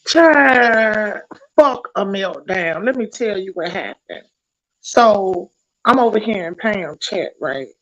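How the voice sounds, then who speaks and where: A woman's voice: medium pitch, animated, slow, a bit bright, dull audio. A woman vlogger in a heated, profane, confrontational rant, talking straight at her viewers.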